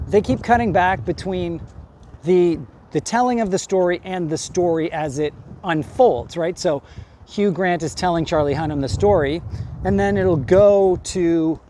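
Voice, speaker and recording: A man reviewing a movie in a relaxed, rambling vlog style, full of fillers and quick laughs. His voice sits a little high, with faint noise in the background. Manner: rambling, chatty, laughs often. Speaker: movie reviewer and acting coach.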